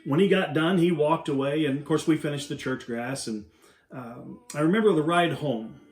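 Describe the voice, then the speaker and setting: A middle-aged man telling a personal story and drawing a life lesson from it, earnest and animated, easing into a soft, quiet close. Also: a little high, moderate pace. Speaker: inspirational speaker. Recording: roomy echo with faint background music.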